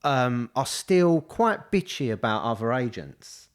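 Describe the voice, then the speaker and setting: Speaking through a studio podcast mic, this estate agent co-hosts a casual show in a mid-range, very animated voice with a clean tone. He takes his time, rambling through his points with plenty of restarts and "you know" fillers.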